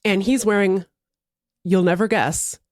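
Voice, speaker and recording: A woman in her thirties spins a story as a podcast co-host, laughing often and acting out the voices in her quotes. Her pitch sits in the middle of the range. The recording is dry and close. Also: measured pace, no room sound. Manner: animated, laughing, acts out quotes. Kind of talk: casual storytelling chat.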